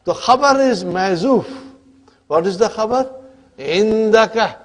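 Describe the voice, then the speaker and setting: In a classroom lecture on Arabic grammar, a man with a high, expressive voice speaks at a measured pace. He keeps checking in with the class, asking "huh?" and "are you with me?", and often poses questions to the students before answering them himself.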